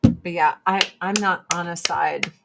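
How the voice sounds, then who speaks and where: A woman's voice: fairly low pitch, fairly even intonation, measured pace, creaky, heavy background noise. A woman chatting casually and bluntly while doing her makeup, swearing freely as she gives her opinions. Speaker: streamer.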